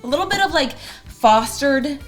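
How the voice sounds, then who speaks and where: Playful woman co-host, bright higher voice, casual tasting banter. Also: lively intonation, moderate pace, soft background music. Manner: playful, giggly, full of tasting notes. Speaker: whiskey channel co-host. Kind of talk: casual whiskey tasting chat.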